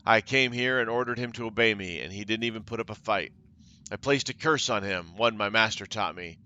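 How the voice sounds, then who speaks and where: A man's voice: fairly low pitch, normal speed, bright, forceful tone, clean tone, dull audio. A man voicing a cruel, taunting female cult leader while reading game dialogue aloud, with mocking theatrical delivery. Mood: gloating.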